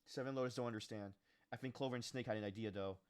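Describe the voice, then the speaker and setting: A man's voice: medium pitch, fairly even intonation, rapid-fire, darkish tone, smooth. Man dramatically reading game text. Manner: dramatic read-along with asides. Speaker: streamer. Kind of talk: reading game text aloud while playing.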